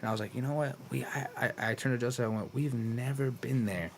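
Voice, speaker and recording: A man's voice: medium pitch, quick pace, slight background noise. A young man co-hosting a podcast, rambling through stories, swearing and laughing often. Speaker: podcast co-host. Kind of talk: casual chat.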